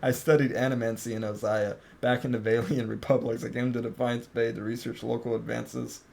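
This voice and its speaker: A man's voice: mid-range voice, level tone, a little fast, creaky, a little mellow, a little hiss or hum, lightly acted. A man reading aloud the lines of a guarded female scholar of soul magic from a game, in his everyday voice. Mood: matter-of-fact. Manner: plain read-aloud of game dialogue.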